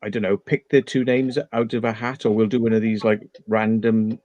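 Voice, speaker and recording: A man's voice: fairly low pitch, little pitch movement, moderate pace, a little mellow, dry recording. Rambling man, dry close sound. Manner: rambling, repeats words and restarts. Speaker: channel host. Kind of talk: casual chat.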